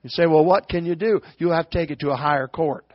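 A man preaching a sermon in a folksy storytelling way that swells into shouts. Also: on the high side, fast talker, dry recording, highs cut off.

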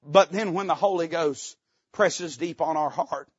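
A man's voice: a little high, measured pace, breathy edge, no echo. Male preacher, folksy and joking, punchy emphatic rises, muffled lo-fi recording. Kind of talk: sermon.

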